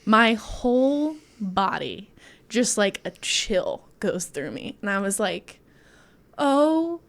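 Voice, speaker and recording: A woman's voice: mid-range voice, very animated, slow, a bit bright. A woman co-hosting a podcast, telling a personal story in casual chat, acting out quotes and laughing often.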